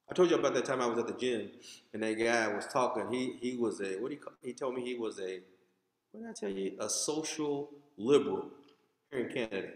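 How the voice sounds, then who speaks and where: An American man preaching in a church, his voice swinging between loud punchy lines and low asides. He talks straight to the congregation in a loose, conversational way. The sound rings with a long echo, as in a large hall. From United States. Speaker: pastor. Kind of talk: sermon. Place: church sanctuary. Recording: echoey hall.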